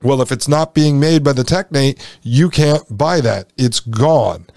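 A man's voice: mid-range voice, unhurried, vocal fry, darkish tone, no room sound, studio quality. A man hosting a podcast, reading from a text and commenting on it in a folksy, sarcastic way that addresses the listeners directly. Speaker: podcast host.

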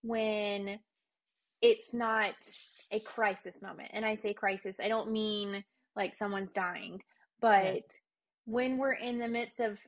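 A woman guest on a podcast, explaining in quick casual chat with plenty of fillers. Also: medium pitch, steady tone.

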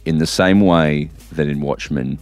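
A man's voice: very deep voice, unhurried, a little mellow, faint music behind. A man, co-hosting a podcast, rambling and sarcastic, building mock-grand rants in casual chat. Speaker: podcast co-host. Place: studio room in London.

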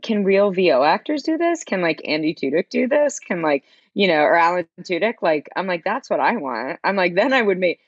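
A woman co-hosting a chatty podcast, her voice low but swinging widely in pitch as she talks. She sounds animated and emphatic and laughs easily. The recording is dry and a little dull in tone. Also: brisk, hardly any pauses, breathy edge, no echo. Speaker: podcast co-host. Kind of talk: casual chat. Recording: slightly dull dry mic.

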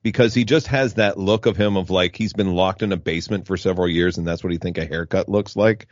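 Low-voiced man, dry lo-fi audio. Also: steady tone, fast talker, dry recording. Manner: mostly brief backchannels, dry jokes. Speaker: podcast co-host. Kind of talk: casual chat. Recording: dry, dull lo-fi sound.

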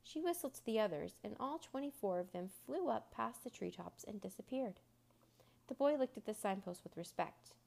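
Brief: woman narrator, calm and steady, middle pitch, storybook reading. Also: moderate pace, gravelly. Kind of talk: reading a children's storybook aloud.

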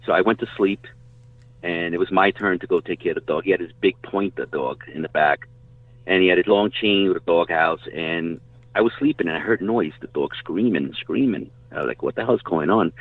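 Low-voiced man on a tinny line. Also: fairly quick, no echo. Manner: rambling, swears casually. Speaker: guest telling hunting stories. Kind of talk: casual storytelling chat. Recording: dry tinny phone-like line.

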